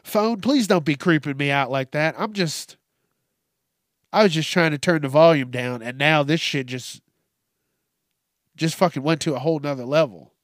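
A man's voice: a little high, normal speed, pauses often, dry recording, clean studio sound. A male podcast host ranting through a profane solo monologue, congested from allergies.

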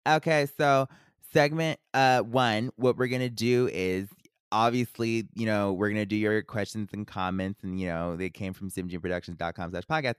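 A woman's voice: extremely low pitch, fairly even intonation, moderate pace, clean tone, dry recording, clean studio sound. A woman co-hosting a casual podcast with her sisters, bossy and teasing, talking over the others. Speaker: podcast co-host.

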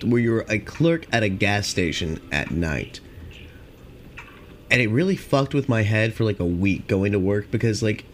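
A young man hosting a podcast, rambling casually and profanely with lots of filler, and high on cannabis. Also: a little hiss or hum. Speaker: podcast host.

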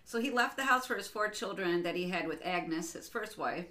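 A bright-voiced woman hosting a casual chat podcast. She rambles through her stories and laughs easily, with a loose, unscripted flow. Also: on the low side, expressive. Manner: giggly, rambling, quick to laugh. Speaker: podcast co-host.

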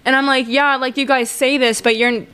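Young woman rambling on her podcast, kinda high voice, says like a lot. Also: fairly even intonation, normal speed, sharp tone, clear, resonant tone. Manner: rambling and candid, heavy use of "like". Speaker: podcast host. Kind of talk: casual monologue.

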